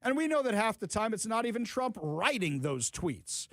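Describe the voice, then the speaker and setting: A man hosting a talk radio show, giving sarcastic, animated opinions to his listeners from a studio. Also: high voice, moderate pace, no echo.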